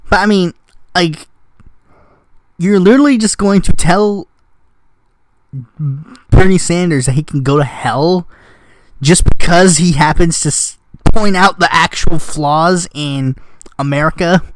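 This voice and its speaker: A man's voice: fairly high pitch, unhurried, pauses often, dry recording. A man vlogging in casual commentary, sarcastic and rambling, often correcting himself mid-sentence.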